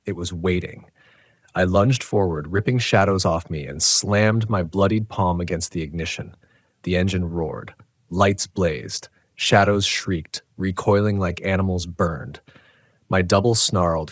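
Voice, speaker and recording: A man telling a first-person horror story in a tense, dramatic, measured way. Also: low voice, no echo, clean studio sound. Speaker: narrator.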